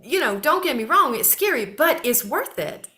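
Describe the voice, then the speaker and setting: Animated woman in her fifties. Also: high voice, normal speed. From Mississippi, US. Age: 50s. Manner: animated, swears freely, addresses listeners as y'all. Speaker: guest. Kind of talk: casual talk show chat.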